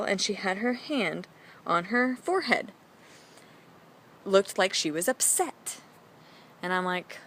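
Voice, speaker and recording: A woman in a casual vlog, telling a personal story in a chatty, animated way, with a lot of "like" along the way. Her voice sits at an ordinary middle pitch for a woman. A faint hiss of noise runs under her talk. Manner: chatty, animated, heavy use of "like" fillers. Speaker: vlogger.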